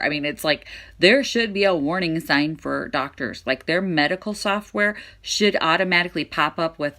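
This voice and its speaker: A woman with a hoarse voice that fades in and out, talking frankly and with exasperation to camera as a vlog host. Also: low voice, animated, moderate pace, sharp tone. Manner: frank and exasperated, talks directly to viewers. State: hoarse, voice fading in and out. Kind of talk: candid talk to camera.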